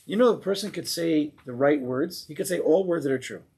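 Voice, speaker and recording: Teacher, male, husky voice, slightly high, lively informal Torah class delivery. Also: a little fast. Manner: animated, mimics angry people in raised voice.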